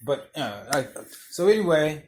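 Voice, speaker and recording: A man's voice: a little high, sing-song, measured pace, a little mellow, a little hiss or hum. A young adult man hosting a podcast, telling blunt, profane stories in a casual monologue and often laughing through them. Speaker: podcast host.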